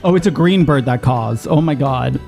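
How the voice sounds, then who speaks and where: A man streaming a video game, reacting with excitable, profane commentary that jumps high when surprised. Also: normal speed, vocal fry, faint music behind.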